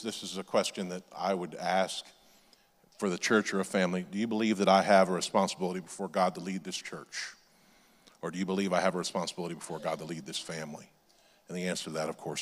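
A man's voice: low voice, big-room sound. A male pastor preaching a sermon in a conversational way, with off-the-cuff asides and restarts.

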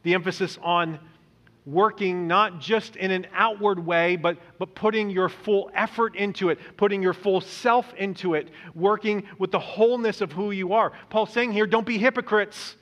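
A man preaching a sermon as pastor, earnest, stumbling over repeated words and slowing down to stress quoted lines. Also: high voice, fairly even intonation, a bit bright. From Indonesia. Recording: dull lo-fi recording in a reverberant hall.

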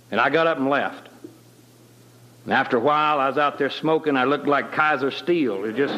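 Over lo-fi sound and a noisy background, a middle-aged guest with a mid-range voice shares his personal testimony of conversion. His manner is plain-spoken and folksy, and his grammar is homespun.

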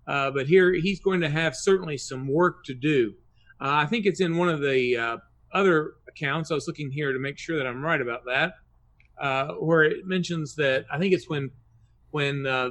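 Measured man with many fillers. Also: a little high, a bit bright. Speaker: panelist. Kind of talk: Bible study panel discussion.

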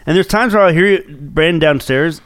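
A man's voice: a little high, fairly quick, a bit bright, no room sound, studio quality. A man co-hosting a podcast in casual banter, blunt and profane, teasing his partner. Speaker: podcast co-host.

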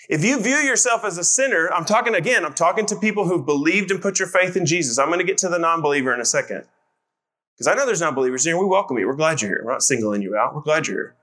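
A man's voice: a little high, pushed and bright. A man preaching a sermon in a conversational, emphatic way, calling on his congregation to answer. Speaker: pastor.

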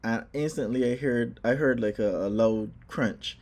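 A man casually telling a personal story, animated, acting out his own exclamations. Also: mid-range voice, unhurried.

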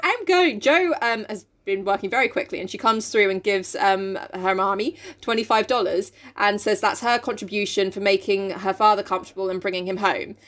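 A woman's voice: brisk, hardly any pauses, a bit bright. A young woman casually chatting as a podcast co-host, recapping a novel and swearing freely. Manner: swears freely, acts out characters in big high voices.

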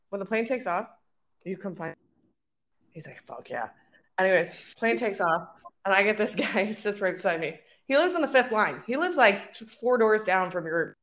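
A woman's voice: medium pitch, fairly bright tone. A young Canadian woman co-hosting a podcast, telling frank, profane stories in casual chat. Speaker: podcast co-host.

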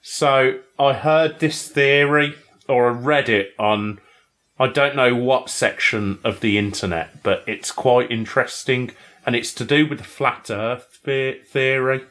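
A young man co-hosts a casual podcast. He talks in a loose, bantering way, tossing in tag questions as he teases his co-host. His voice sits at an ordinary middle pitch. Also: steady tone, unhurried, a bit bright. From Britain. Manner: teasing, chatty, asks tag questions.

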